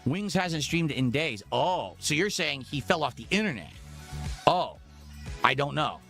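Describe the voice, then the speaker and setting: A man with a somewhat high voice chats casually as a co-host. He rambles through his complaints with an exasperated edge. Faint music plays behind him. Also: very animated, a little slow, vocal fry, bright, forceful tone. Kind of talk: casual chat.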